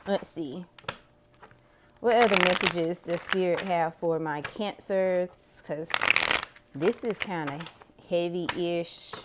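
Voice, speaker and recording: A woman's voice: sits low, heavy background noise. A woman giving a casual tarot reading to camera, chatty, slangy and freely profane. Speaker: tarot reader.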